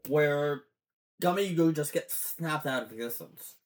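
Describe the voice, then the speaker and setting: A fan talking through a cartoon series in a slow, unhurried ramble. The voice sits at an ordinary middle pitch and drifts between theories and heartfelt outbursts. Profanity comes often and easily. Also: darkish tone. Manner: rambling, swears often, gets teary. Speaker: fan commentator. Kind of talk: casual show breakdown.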